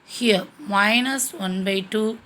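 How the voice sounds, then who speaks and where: A woman's voice: medium pitch, slow pace, a bit bright, slight background noise. A woman teaching a maths lesson step by step, checking in with frequent "okay"s. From India.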